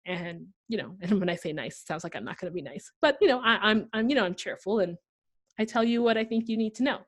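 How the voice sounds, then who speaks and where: A young woman from Pakistan, a guest on an interview podcast, telling her story in a lively conversational way and acting out the voices of people she quotes. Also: medium pitch, fast. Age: young adult.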